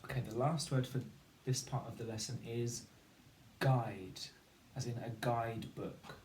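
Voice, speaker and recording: A man's voice: medium pitch, fairly even intonation, unhurried, darkish tone. A man teaching a phonics lesson, patiently sounding out letters and words. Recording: echoey room, faint background noise.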